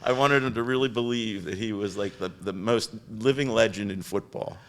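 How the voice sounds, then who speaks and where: Older male guest, chatty storyteller, mid-pitched, animated and rambling, podcast interview. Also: moderate pace. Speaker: guest business founder. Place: podcast studio.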